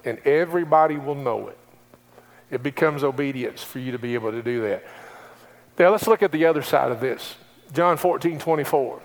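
A male preacher delivering a sermon, swinging between quiet pleading questions and emphatic calls to obey, repeating key phrases. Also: mid-range voice, fairly quick. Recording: long reverb of a large hall.

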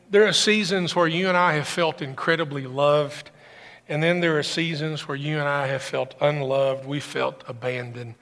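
A male pastor delivers an impassioned sermon in a raised, somewhat high voice with a gravelly edge. His tone is bright and forceful. The sound carries a long hall reverb, as in a church sanctuary. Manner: impassioned preaching that swells loud and high.

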